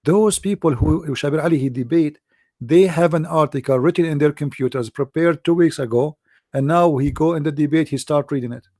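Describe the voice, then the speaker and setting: A man, a bit hoarse, talking in a casual commentary monologue with lots of fillers and restarts. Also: a little high, fairly quick, no room sound, studio quality. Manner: animated, repetitive, many fillers and restarts. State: losing his voice, hoarse. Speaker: debate show host.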